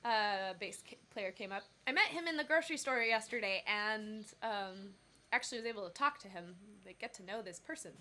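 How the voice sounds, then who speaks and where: A woman's voice: medium pitch, a little fast, sharp tone. A woman singer telling a rambling story on her casual livestream, with many fillers and self-corrections. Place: Bali.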